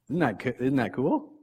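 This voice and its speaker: A mid-pitched man preaching in a relaxed, conversational way, as if chatting with his congregation. He laughs at himself often and trips into restarts, and his voice drops to near-murmured asides before rising to emphatic points. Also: slightly rough. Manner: frequent restarts, loudness swings from soft to punchy. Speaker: pastor; father of three young kids. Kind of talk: casual conversational sermon.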